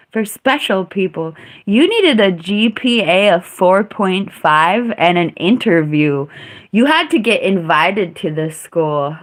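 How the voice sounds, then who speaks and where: Female streamer, unhurried, blunt and profane storyteller. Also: mid-range voice. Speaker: live streamer. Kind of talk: casual storytelling.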